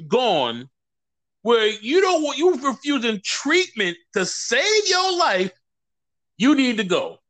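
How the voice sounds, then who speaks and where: High voiced guy, swings all over when he talks, acts out quotes, casual chat. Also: slow pace. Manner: animated storyteller acting out quotes. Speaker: guest. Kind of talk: casual conversation.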